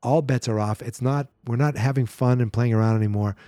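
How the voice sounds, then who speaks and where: A man hosts a solo podcast, recapping a horror movie in a loose, sarcastic, exasperated way. His voice sits mid-pitch with a dark, mellow tone. The recording is dry and close, with no room sound. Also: no room sound. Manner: sarcastic, exasperated running commentary with quick mimicry of characters. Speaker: podcast host.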